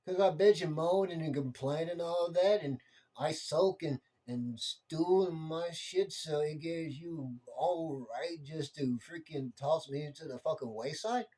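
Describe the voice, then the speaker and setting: Young adult man, impassioned monologue, swears a lot, slightly high and mellow. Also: measured pace. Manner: heated, repetitive, swears freely.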